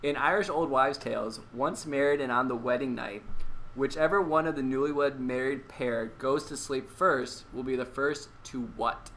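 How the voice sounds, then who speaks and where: A man acting as quiz master on a casual podcast, reading the questions out deliberately and teasing the others. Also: medium pitch, fairly bright tone, slight background noise, rough recording.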